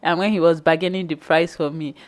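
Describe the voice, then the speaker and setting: A woman's voice: low-pitched, steady tone, brisk. A young woman from Nigeria, a guest on a vlog, chatting eagerly about her trip and repeating herself. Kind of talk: casual chat.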